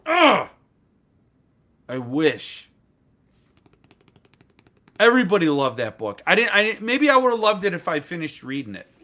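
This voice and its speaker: A man's voice: high-pitched, sing-song, measured pace, pauses often, pushed and bright. A man hosting a casual live stream about books, rambling and joking as he reacts to chat comments. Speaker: booktuber host.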